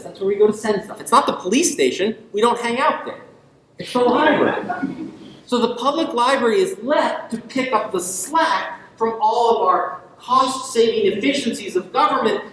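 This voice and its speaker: A man's voice: very high-pitched, a bit bright, slight background noise. A man giving an invited university lecture, talking emphatically with rhetorical questions and ironic asides. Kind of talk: public lecture. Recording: echoey lecture hall.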